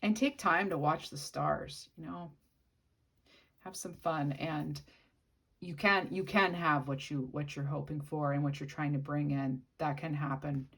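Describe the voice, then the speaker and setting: Low-voiced woman giving a tarot reading. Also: fairly even intonation, measured pace, vocal fry, fairly bright tone, slightly rough. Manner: musing, speaks to the viewer directly. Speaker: tarot reader. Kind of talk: casual channeled tarot reading.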